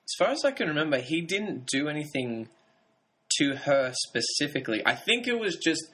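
Casting: man with a bright, tense-edged voice, measured explainer in a casual two-person chat. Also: a little high, very animated. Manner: explains plot points steadily, hedging with "I think". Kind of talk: casual podcast chat about a TV drama.

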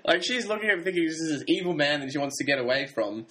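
A man in casual conversation, calmly explaining story details and hedging with "I think". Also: on the high side, quick pace. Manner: explains plot points steadily, hedging with "I think". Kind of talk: casual podcast chat about a TV drama.

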